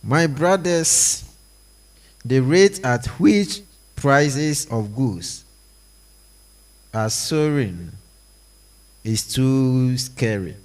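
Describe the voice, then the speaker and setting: Reading a stage play aloud, a man voices every part plus the stage directions, moving slowly and deliberately. His voice is mid-range and expressive.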